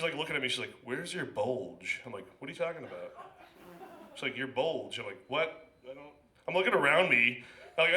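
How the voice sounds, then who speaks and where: A man telling a stand-up story at an open mic, stumbling through it with restarts and fillers. His voice is very bright and cutting. The sound is roomy, the echo of a small club. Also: mid-range voice. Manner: rambling, halting, with many restarts and fillers. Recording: echoey club room.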